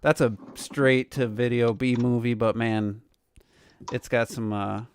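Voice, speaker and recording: A man's voice: medium pitch, steady tone, unhurried, a little hiss or hum. A man co-hosting a casual podcast chat, rambling with fillers and asides. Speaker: podcast co-host.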